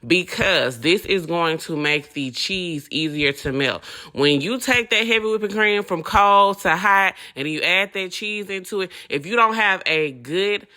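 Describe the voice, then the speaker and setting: A woman with a Southern accent hosts a casual home cooking tutorial. Her voice is bright and forceful, and her talk is folksy and chatty as she keeps calling viewers honey. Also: fairly low pitch, a little slow. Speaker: cooking show host.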